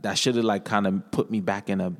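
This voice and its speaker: A man's voice: on the low side, steady tone, quick pace. Earnest man telling his testimony. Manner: earnest storytelling with many repeated phrases. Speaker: podcast guest. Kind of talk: personal testimony in casual conversation. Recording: echoey room with long reverb.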